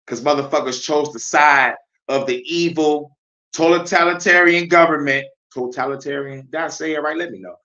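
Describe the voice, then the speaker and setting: Vlog host, male, heated profane rant, tense and bright, lo-fi sound. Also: a little high, normal speed. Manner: profane, heated and animated, laughing often. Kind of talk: ranting commentary. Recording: dull lo-fi sound.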